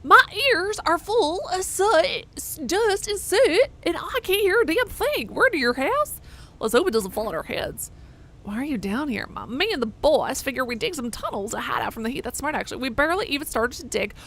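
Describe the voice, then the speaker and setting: A woman voicing a gruff, half-deaf male tunnel digger who shouts and cusses. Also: sits high, very animated, moderate pace, voice pushed up, full character voice. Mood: shouting. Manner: shouts, rough and cussing.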